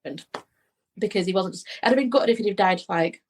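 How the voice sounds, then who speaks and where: Podcast guest: woman, a medium, chatty and rambling, does the voices of the people in her story, mid-pitched voice. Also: brisk, darkish tone. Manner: rambling, restarts, acts out quoted voices. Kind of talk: casual heartfelt storytelling.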